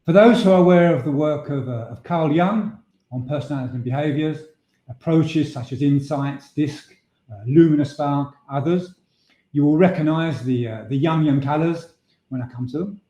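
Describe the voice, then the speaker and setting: Measured man with a mellow voice. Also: fairly high pitch. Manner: measured, explanatory, with frequent filler restarts. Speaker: voice and presentation trainer. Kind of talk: webinar presentation. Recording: echoey room sound.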